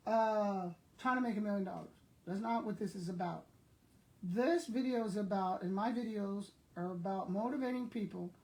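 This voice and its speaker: Chatty older woman telling stories. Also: mid-range voice. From South Texas. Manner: chatty storyteller who talks straight to her viewers. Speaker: retired school principal vlogger. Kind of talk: casual chat.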